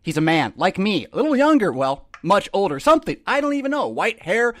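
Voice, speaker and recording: High-voiced male host, rambling preacher with sarcastic asides, dry close sound. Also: big pitch swings, brisk, dry recording. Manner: rambling, emphatic, repeats words. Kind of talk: casual preaching monologue.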